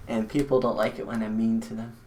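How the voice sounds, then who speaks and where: A man's voice: on the low side, background noise. A man hosting a live stream, chatting bluntly and rambling with many fillers while he builds a computer.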